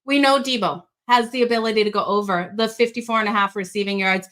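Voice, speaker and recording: A woman with a slight Australian accent hosts a sports betting show, speaking fast in a mid-range, slightly bright voice. She gives upbeat picks and addresses viewers directly.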